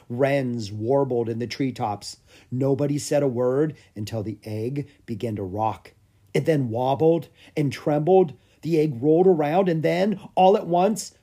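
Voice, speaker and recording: A man reading a children's book aloud as scripted narration, with a lively storytelling manner. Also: mid-range voice, breathy edge. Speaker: audiobook reader.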